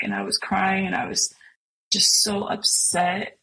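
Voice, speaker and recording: A woman's voice: mid-range voice, level tone, measured pace, creaky, pushed and bright, slight background noise, low-quality recording. A middle-aged woman sharing a personal story as a guest, speaking earnestly and emotionally with many fillers. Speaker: podcast guest.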